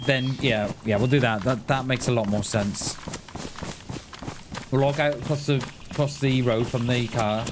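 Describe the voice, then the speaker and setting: A man's voice: medium pitch, fairly even intonation, moderate pace, noisy background. A man chatting casually while live-streaming a survival game, thinking aloud with lots of restarts and little chuckles.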